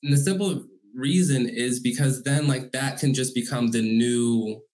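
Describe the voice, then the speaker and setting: A man's voice: mid-range voice, unhurried, darkish tone. A man who coaches single parents speaks earnestly and emphatically as a guest in a conversational interview.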